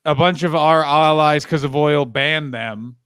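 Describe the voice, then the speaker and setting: A man's voice: a little high, unhurried, fairly bright tone, clear, resonant tone, no room sound, clean studio sound. A Canadian man telling rambling travel anecdotes in casual chat, acting out the quoted dialogue. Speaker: podcast co-host.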